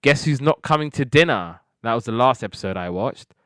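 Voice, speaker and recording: A man's voice: medium pitch, animated, brisk, a bit bright, dry recording, clean studio sound. A man casually recapping TV sitcom episodes, rambling with lots of fillers and slipping into quoted character lines. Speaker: TV review podcast host.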